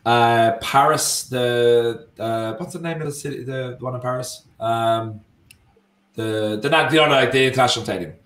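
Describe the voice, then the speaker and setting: An Irish man co-hosting a live football watchalong. He rambles with animated energy and often stops mid-phrase to correct himself. His voice sits at a middling pitch and carries a roomy echo. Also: normal speed. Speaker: co-host. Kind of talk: casual football watchalong chat.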